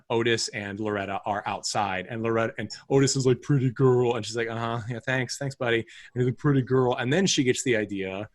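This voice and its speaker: A man co-hosts a film podcast, chatting casually about a movie and rambling with plenty of fillers and restarts. His medium-pitched voice is a bit bright, and the recording has no echo.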